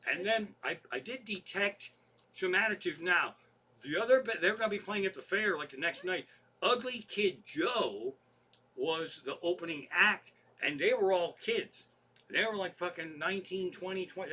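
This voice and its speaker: A comedian telling rambling, profane anecdotes in a casual monologue. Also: male voice, high-pitched, pushed and bright. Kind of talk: storytelling podcast monologue.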